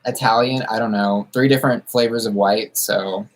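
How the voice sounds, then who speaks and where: A man's voice: on the low side, steady tone, normal speed. A man from the United States, a drag queen chatting casually on a livestream and answering viewers while doing makeup, campy and sassy with drag slang.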